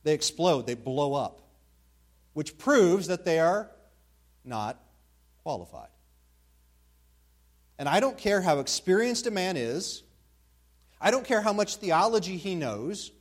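A man with a high-pitched voice preaches to his congregation. He leans hard on key words and repeats them for emphasis. He asks the church rhetorical questions as he teaches. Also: sing-song, takes it slowly, long pauses. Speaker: pastor. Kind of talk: expository sermon.

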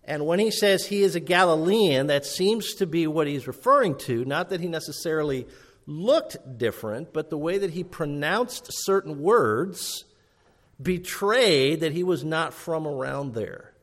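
A man's voice: on the high side, animated, unhurried. Earnest man preaching a sermon. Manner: earnest, emphatic, rising and falling delivery. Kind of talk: expository sermon.

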